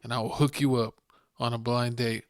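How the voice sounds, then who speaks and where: A man's voice: medium pitch, level tone, moderate pace, clean tone, no echo, clean studio sound. A man co-hosting a casual podcast, teasing his co-host and laughing often.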